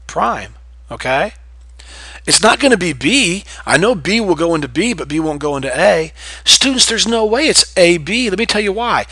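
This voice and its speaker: A man walks students through test math in a bright, forceful voice pitched a little high. He keeps asking questions and answering them himself. The sound is dry and close. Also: no echo. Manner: talks straight to students, asks and answers his own questions. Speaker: math teacher. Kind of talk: test-prep lesson.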